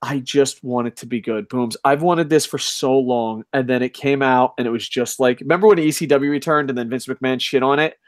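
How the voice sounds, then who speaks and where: A man co-hosting a casual podcast, ranting loudly with lots of swearing. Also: medium pitch, a little fast, few pauses, no echo. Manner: loud, profane ranting. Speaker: podcast co-host.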